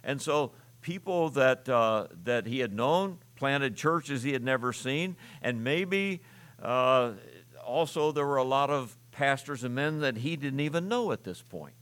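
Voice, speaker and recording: A man in the pulpit, preaching a sermon with the easy, talky rhythm of a teacher explaining a text. His voice sits at an ordinary middle pitch, and he leans on filler words and small restarts as he works through his points. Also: lively intonation, measured pace, a bit bright, clean tone. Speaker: pastor.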